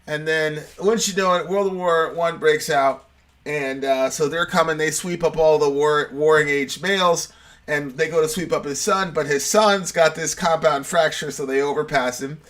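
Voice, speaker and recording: A man's voice: fairly high pitch, moderate pace, fairly bright tone. A young man hosting a question-and-answer video, talking casually and rambling with many restarts, telling a parable and acting out the voices in it. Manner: acts out quoted voices in the story. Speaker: host answering viewer questions. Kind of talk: casual chat, storytelling.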